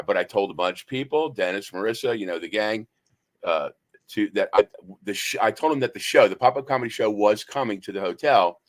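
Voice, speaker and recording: A man hosting a talk radio show, telling stories in a rambling, hesitant way. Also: lowish voice. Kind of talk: casual talk radio chat.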